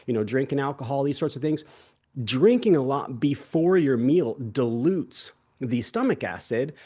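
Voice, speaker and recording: A man's voice: medium pitch, darkish tone. An easygoing young adult man co-hosts a wellness talk. He rambles with plenty of restarts and asides and throws in playful jokes. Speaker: co-host of a wellness summit. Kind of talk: casual conversational chat.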